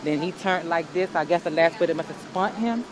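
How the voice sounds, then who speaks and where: A woman's voice: lowish voice, a little fast, rough recording. Insistent woman witness over crowd noise. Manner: emphatic, insistent retelling. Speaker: eyewitness in a news interview. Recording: news clip with crowd noise.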